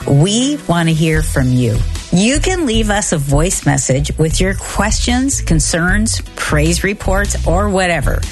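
Low-voiced woman co-host over music. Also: very animated, slow. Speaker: radio co-host. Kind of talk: on-air announcements. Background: music bed.

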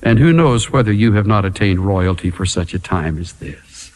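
A man preaching a sermon in a dramatic, emphatic way, with long pauses. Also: deep voice, lively intonation, darkish tone, in a large hall.

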